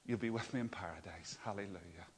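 A man preaching a sermon, dropping to hushed whispers and rising to loud, emphatic cries. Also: deep voice, quick pace, creaky, slightly rough.

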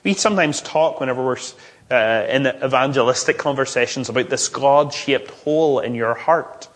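A man's voice: medium pitch, normal speed, a bit bright. A man preaching a sermon, reading scripture aloud and explaining it with emphatic rises and frequent restarts. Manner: expository, with emphatic rising peaks and restarts.

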